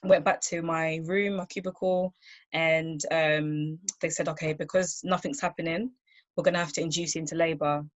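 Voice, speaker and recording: A woman on a video call telling her personal story in a soft, halting way, with many fillers and restarts. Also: low-pitched, fairly even intonation, no room sound, lo-fi sound. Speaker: workshop speaker sharing her story.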